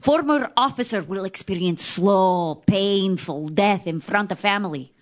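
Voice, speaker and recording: A woman's voice: medium pitch, lightly acted. Woman doing a brassy Russian game-show hostess. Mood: deadpan. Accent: put-on Russian. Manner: broken English, theatrical, drawn-out. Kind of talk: comedy sketch.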